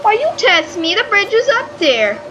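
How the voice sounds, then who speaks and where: A woman casually commenting on her own gameplay, excitable and swearing freely as she talks back at the game. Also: extremely high pitch, moderate pace, slight background noise, poor audio. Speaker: gaming channel host. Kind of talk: casual let's-play commentary.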